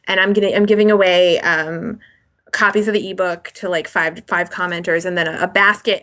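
A woman's voice: medium pitch, fairly bright tone. A woman author chatting as a podcast guest, enthusiastic and rambling with many fillers. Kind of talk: casual interview chat.

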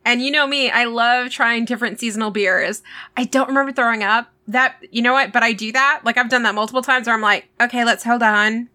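A woman's voice: a little high, fast, bright, forceful tone. A young woman in her twenties chatting casually with her sister, laughing and self-mocking. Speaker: podcast co-host, older sister. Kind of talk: casual chat.

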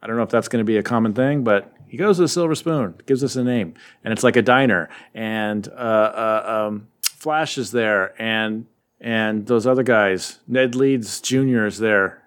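A man's voice: fairly low pitch, clear, resonant tone. A man hosting a casual chat, retelling a story in a rambling, playful way and briefly voicing the characters. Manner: rambling, playful retelling with quick voiced asides. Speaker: podcast host recapping comics.

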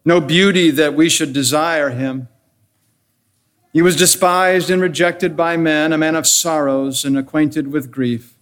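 A man delivering an earnest, measured sermon as pastor, counting off his points and posing rhetorical questions. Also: fairly high pitch.

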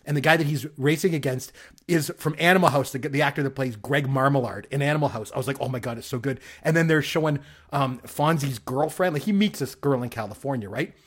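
Fast-talking husky Canadian man. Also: medium pitch. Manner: rambling, excitable storyteller. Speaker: podcast co-host. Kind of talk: casual chat.

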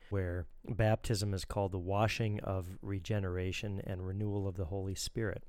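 Male pastor co-host, lowish resonant voice, dry close sound, teacherly explainer. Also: darkish tone, clean tone, no echo. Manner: explanatory, teacherly, quotes scripture. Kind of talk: critiquing a sermon recording.

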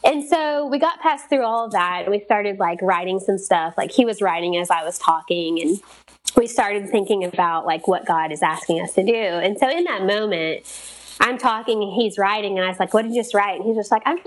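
A woman, telling a personal story in casual chat, lively and acting out quoted voices. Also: mid-range voice, brisk. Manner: animated, quotes herself and others.

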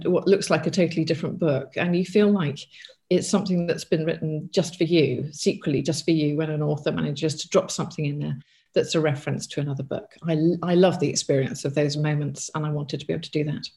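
A middle-aged woman speaks with a noticeable gravelly fry in her voice. She is an author answering an interviewer's questions. She thinks aloud, backtracks and restarts her sentences. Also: low voice, steady tone, fast, dark tone. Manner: thoughtful, with frequent restarts and asides.

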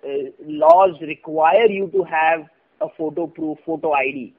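A man's voice: fairly high pitch, a little slow. A man with an Indian English accent hosting a casual discussion, explaining with frequent hesitations. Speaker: host. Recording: tinny phone-like sound.

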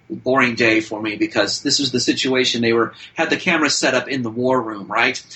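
A man's voice: mid-range voice, sharp tone, rough recording. A man, a working actor, telling a casual story as a podcast guest, chatty and full of fillers and restarts.

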